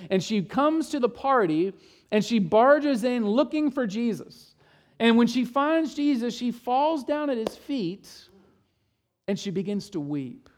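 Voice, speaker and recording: High-voiced preaching man. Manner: retells scripture, voicing quotes, swings from loud to hushed. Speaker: pastor. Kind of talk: sermon.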